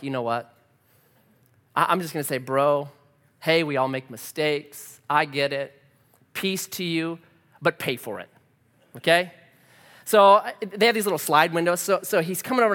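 Male pastor, lively sermon storyteller, swooping pitch, long hall reverb. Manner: animated, conversational, self-deprecating humor.

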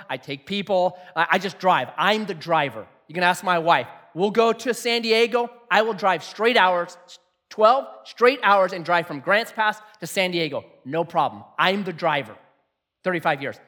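A middle-aged man preaching a sermon in a jokey, animated way, acting out quotes. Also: high voice. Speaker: pastor.

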